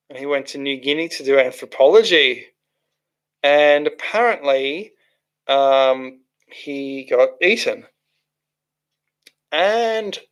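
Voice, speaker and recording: A man hosting a casual livestream, reading out chat comments and rambling with many restarts and fillers. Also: a little high.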